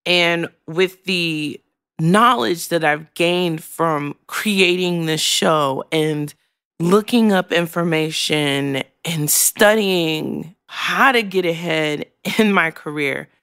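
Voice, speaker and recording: A woman's voice: fairly low pitch, takes it slowly, a bit bright, clear, resonant tone, dry recording, studio quality. A woman hosting a podcast, talking frankly and emotionally, swearing freely and choking back tears. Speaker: podcast host. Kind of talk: candid podcast monologue.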